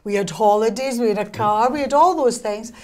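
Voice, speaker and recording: A Scottish woman with a voice pitched a little higher than most, who tells stories with animation and dry wit. She talks to an interviewer as a guest, loose and chatty, with lots of asides. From Scotland. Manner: lively anecdotal storyteller, quick wry humour. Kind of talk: casual interview chat.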